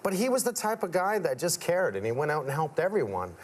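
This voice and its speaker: Speaking briskly in a slightly high voice, a middle-aged contractor appears as a guest on a talk show. He chats casually and tells stories with animation, acting out the people he quotes.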